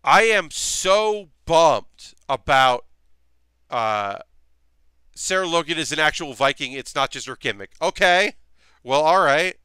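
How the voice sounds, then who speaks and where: A man's voice: on the high side, lively intonation, takes it slowly, sharp tone, clear, resonant tone, no echo, studio quality. A man chatting casually with his live chat while building costume armor in his workshop, rambling with lots of fillers. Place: home workshop.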